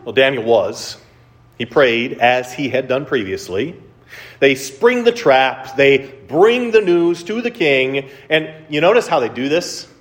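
A man preaching a conversational sermon, retelling a story with animated storytelling and frequent rhetorical questions. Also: medium pitch, unhurried. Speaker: pastor.

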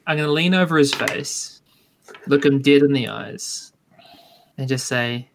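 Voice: medium pitch, unhurried, gravelly, pauses often. A player in a tabletop game, cheeky and pushy when questioning. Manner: cheeky, interrogating.

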